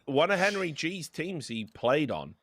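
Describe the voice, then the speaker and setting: A man's voice: fairly high pitch, very animated, unhurried, fairly bright tone. An English man casting esports, chatty and jokey, telling stories between rounds. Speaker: esports caster. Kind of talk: casual commentary banter.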